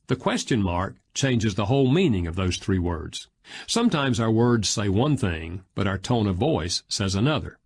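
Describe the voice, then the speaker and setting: Man, low husky voice, lively pitch, measured audiobook narration.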